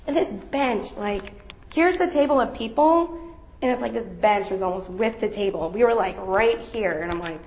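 A woman's voice: a little high, animated, moderate pace, slight background noise. A young woman sharing a personal faith testimony with a group, talking casually with many fillers. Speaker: member giving a testimony. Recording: roomy echo.

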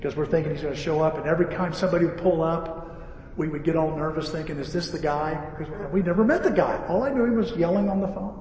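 A man preaching a sermon, telling an animated story with acted-out dialogue. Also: a little high, fast talker, slight background noise. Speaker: pastor and repair-shop owner. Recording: echoey hall, voice from far off, faint ambience.

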